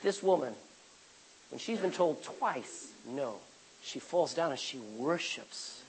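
A man preaching a sermon in a church, animated, acting out the voices of the people in his stories. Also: fairly high pitch, slow pace, a little hiss or hum, rough recording.

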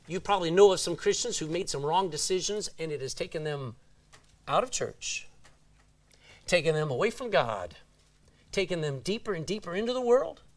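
A man preaching a sermon, reading scripture aloud and asking the congregation "Amen?". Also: sits high.

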